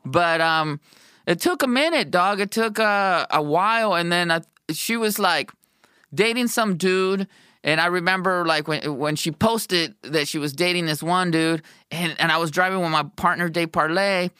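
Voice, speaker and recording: A man's voice: high-pitched, normal speed, smooth, dry recording, studio quality. A man, a musician, casually telling a long story in a rambling, profane way. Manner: profane, rambling, animated retelling. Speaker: musician guest.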